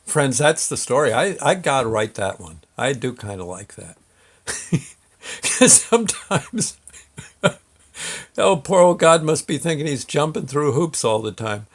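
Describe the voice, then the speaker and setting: A man's voice: mid-range voice, sing-song, measured pace, long pauses. A man hosting his own show, telling a story in a folksy, chuckling manner. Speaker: host. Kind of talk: casual storytelling monologue.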